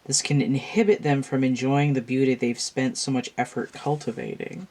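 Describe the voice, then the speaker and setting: A woman's voice: very deep voice, steady tone, normal speed, a little mellow. A tired, yawning woman reading tarot cards to a camera at home, musing aloud and meandering with restarts in a casual monologue. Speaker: tarot reader.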